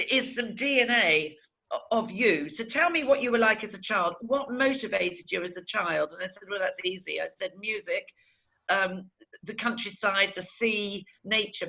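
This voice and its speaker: Middle-aged woman, bright forceful voice, frank emotional testimony, mimics people she quotes. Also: medium pitch, moderate pace, rough recording. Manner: candid and animated, acts out past conversations. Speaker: interviewee giving a testimonial.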